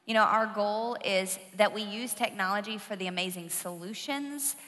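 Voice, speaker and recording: Animated woman preaching in a large hall. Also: mid-range voice, normal speed. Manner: animated storytelling with humor. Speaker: pastor. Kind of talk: sermon. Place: church auditorium.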